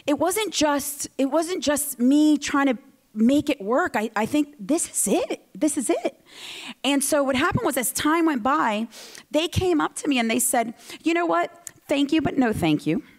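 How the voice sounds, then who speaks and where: A woman giving a motivational speech at a ceremony, telling her story in an animated way and acting out the dialogue. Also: high-pitched, measured pace. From United States. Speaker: guest speaker. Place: ceremony hall.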